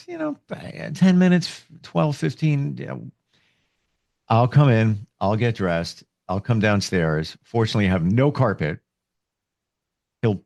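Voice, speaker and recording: Man, gravelly, lively pitch, casual interview host. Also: dry recording, studio quality. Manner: chatty, laughs, tells personal story.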